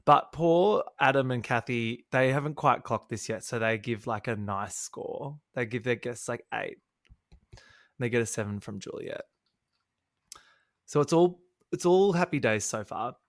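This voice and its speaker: A man's voice: medium pitch, animated, unhurried, no echo, studio quality. A man co-hosting a podcast, recapping a reality show in a chatty, catty way and laughing often. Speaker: podcast co-host. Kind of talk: casual chat.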